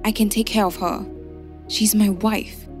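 A woman voicing a gruff but patient older father in a narrated story, in low, measured tones. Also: steady tone, over music, lightly acted.

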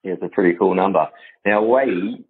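A man hosting an interview, asking relaxed, quick questions. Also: low voice, husky. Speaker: interviewer host. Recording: tinny phone-like sound.

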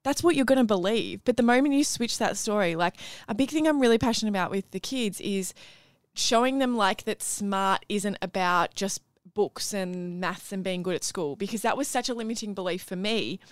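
A young Australian woman co-hosting a podcast, talking earnestly about self-belief and leaning on fillers as she goes. Her voice sits at a middle pitch. She is recorded close and dry, with no room sound. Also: normal speed, dry recording. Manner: earnest and encouraging, many fillers. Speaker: podcast co-host. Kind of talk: casual chat.

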